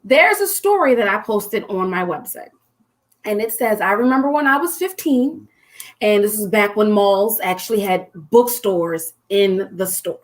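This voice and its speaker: A woman in her forties hosting a casual chat, telling stories in a bubbly, excited way. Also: mid-range voice, measured pace. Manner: bubbly, animated storyteller. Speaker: host.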